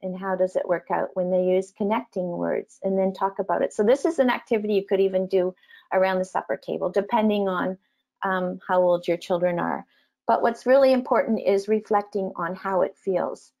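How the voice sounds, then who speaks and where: A woman with a mid-range voice talks parents through slides in an online presentation. She is gentle and explanatory, pausing often with small ums. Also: mid-range voice, lo-fi sound. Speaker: teacher trainer speaking to parents.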